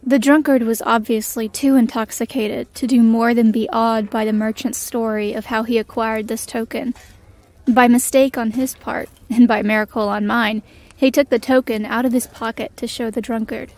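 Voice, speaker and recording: A woman's voice: on the high side, fairly even intonation, normal speed, darkish tone, lightly acted. A young woman narrating in the first person as a bitter, magicless female elf soldier in an audio drama, her inner monologue defiant.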